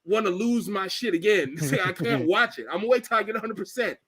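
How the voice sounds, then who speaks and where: A man recovering from a cold, chatting profanely on a podcast, laughing and loudly mimicking others. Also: high-pitched, lively intonation, fast, a crowd in the background. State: recovering from a cold, voice partly lost. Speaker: podcast co-host. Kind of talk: casual chat.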